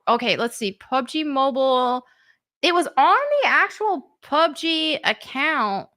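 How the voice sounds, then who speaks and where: A woman's voice: sits high, expressive, a little slow, bright, forceful tone. A woman hosting a live stream, chatting casually and laughing often.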